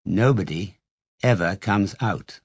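A man reading an audiobook and voicing a very old bedridden grandfather who tells stories in a low, confiding tone. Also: expressive, a little fast, dry recording. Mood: secretive.

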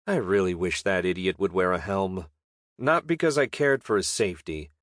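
A man narrating a fantasy audiobook with a wry, deadpan manner. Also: low-pitched, moderate pace, dry recording, clean studio sound.

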